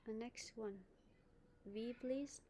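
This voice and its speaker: A woman's voice: fairly high pitch, slow, very noisy. A woman with a Vietnamese accent teaching an online English speaking lesson, giving feedback and modelling pronunciation.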